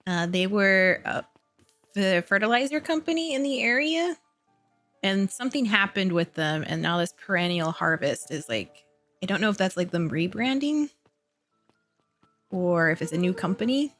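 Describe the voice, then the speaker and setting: A woman's voice: medium pitch, animated, moderate pace, a bit bright, faint music behind. Brief: chatty, giggly woman streamer, casual let's-play talk. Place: home streaming setup.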